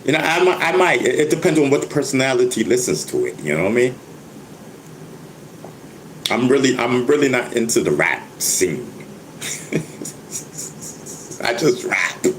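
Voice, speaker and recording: A man's voice: medium pitch, big pitch swings, a little slow, long pauses, fairly bright tone, a little hiss or hum, low-quality recording. An older man, talking casually to his viewers, stammering, repeating words and laughing often. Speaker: vlogger, rapper. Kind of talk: casual livestream monologue.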